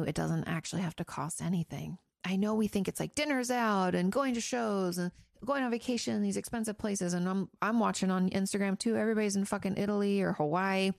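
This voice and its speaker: A woman's voice: medium pitch, quick pace, creaky, dry recording, studio quality. A frank woman who used to be a therapist, giving casual, chatty advice with some swearing. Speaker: host, former therapist answering listener questions.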